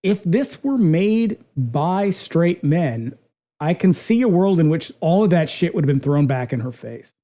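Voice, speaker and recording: Animated podcaster with a mellow voice. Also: mid-range voice, measured pace. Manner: animated, profane, acts out quotes. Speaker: podcast co-host. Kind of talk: casual film discussion.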